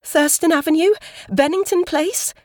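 A woman voicing a high-strung female estate agent who talks in shrill, rising questions. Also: expressive, normal speed, dry recording, clean studio sound, close to an everyday voice. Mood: shocked, panicky.

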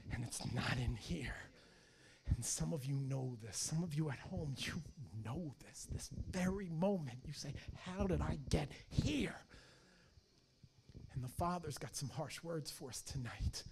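A man preaching a fiery sermon, his voice pitched high with a gravelly edge. He swings from hushed, quiet lines to shouted ones, animated all the way through. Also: unhurried, background noise. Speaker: pastor.

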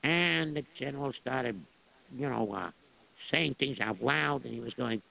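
A man's voice: mid-range voice, unhurried, vocal fry, pushed and bright, poor audio. A man telling a story in a radio drama in a rambling, casual way.

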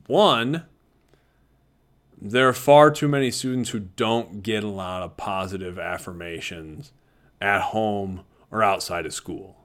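A man who teaches visual arts, talking earnestly and conversationally to fellow teachers and laughing easily. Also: fairly low pitch.

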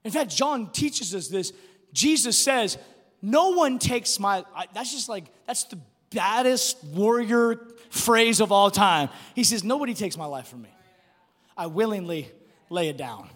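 A man preaching a sermon, swinging between loud bursts and quiet, hushed drops. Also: sits high, lively intonation, measured pace. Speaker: pastor. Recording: long hall reverb with faint music.

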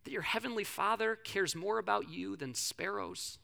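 Jesus, gentle and unhurried, pleads softly with his followers, voiced by a man preaching. The voice sits fairly high and rings bright and clear, slow and tender rather than loud. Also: exaggerated voice. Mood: gentle pleading.

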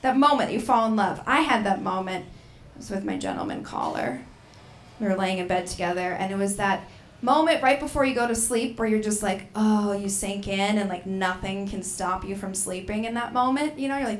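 A woman's voice: mid-range voice, normal speed, reverberant, a little hiss or hum. A woman doing a brash, self-mocking stand-up set and hosting the show on a comedy bar stage. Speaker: stand-up comic and emcee.

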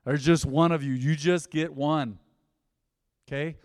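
A man's voice: fairly high pitch, steady tone, a little slow, long reverb tail. A man in his thirties preaching a casual, conversational sermon to a church congregation, full of rhetorical questions and asides. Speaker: pastor. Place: church sanctuary.

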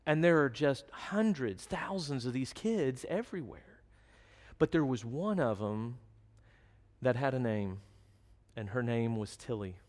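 A male preacher gives a sermon in a church sanctuary, his mid-pitched voice trailing into a long reverb from the hall. He talks in an earnest storytelling way and reads scripture verses aloud. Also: lively intonation, unhurried, darkish tone.

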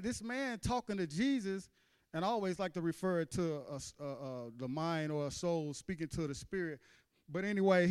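Guy preaching, pretty high voice, smooth and clear, keeps checking in with amen. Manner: emphatic, repeats "amen" and "you see what I'm saying". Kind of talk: sermon. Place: church.

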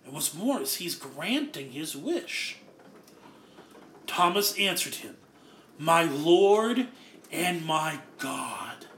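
A man's voice: mid-range voice, bright, forceful tone, roomy sound, slight background noise. A man preaching an earnest expository sermon, explaining words one by one. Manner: earnest, explains Greek word by word.

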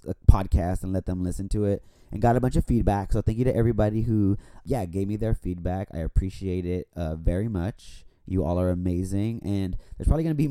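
Speaking through a borrowed studio microphone with no echo, a tipsy man hosts a podcast in a loose, profane, meandering chat. His lowish voice is warm, clear and resonant.

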